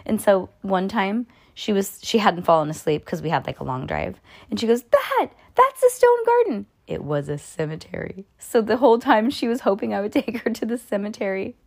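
Gravelly-voiced mother reading a storybook aloud. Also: medium pitch, expressive, brisk, a little mellow. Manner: chatty, amused. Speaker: parent reading aloud to her child. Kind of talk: reading a children's book aloud with casual asides.

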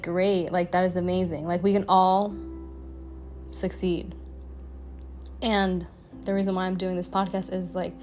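A woman's voice: mid-range voice, a little mellow. A young adult woman hosting her own podcast, talking in a blunt, profane, chatty way with lots of "like" fillers. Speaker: podcast host. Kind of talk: casual solo podcast monologue.

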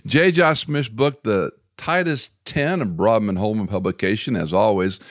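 A middle-aged man hosting a podcast, telling stories in a folksy way and getting animated when he quotes others. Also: fairly low pitch, normal speed, dry recording, clean studio sound. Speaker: podcast host. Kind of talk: podcast interview conversation.

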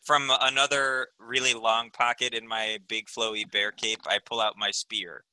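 A man's voice: fairly low pitch, steady tone, moderate pace, bright, forceful tone, clear, resonant tone, no room sound, low-quality recording. A man playing a goofy character in a tabletop game, often laughing through his lines. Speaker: player.

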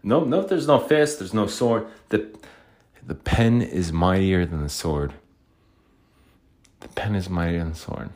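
Annoyed guy venting solo on his podcast, swears a lot, kinda low voice. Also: unhurried, pauses often, darkish tone. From Utah, USA. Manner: frustrated, profane, rambling. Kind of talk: solo rant.

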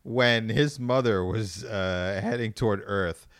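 A man's voice: lowish voice, slow pace, fairly bright tone, clean tone, no room sound, studio quality. A man co-hosting a podcast in casual chat, laid-back and joking, with some swearing. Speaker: podcast co-host.

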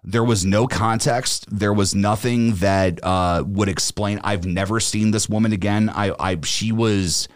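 A man's voice: lowish voice, fairly even intonation, unhurried, few pauses, no room sound, clean studio sound. A man hosting a podcast, telling a story in casual chat, rambling with lots of restarts and fillers. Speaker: podcast host.

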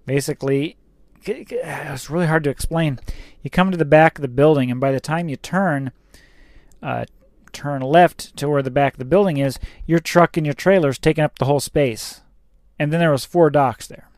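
A man's voice: fairly high pitch, moderate pace, a little mellow, no echo, clean studio sound. A man who drives a truck, telling a rambling, casual story about his workday, with fillers and some swearing.

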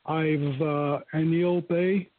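An older man calling into a show, halting and appreciative, with soft laughs. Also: a little high, steady tone, very noisy. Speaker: caller. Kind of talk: call-in comment. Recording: thin phone-line call.

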